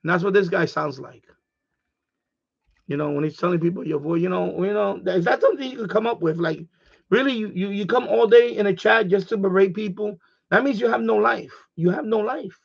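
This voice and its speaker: A man's voice: high voice, a little fast, vocal fry, slightly rough, highs cut off. A man hosting a casual ham radio live stream, rambling and repeating himself as he gets heated.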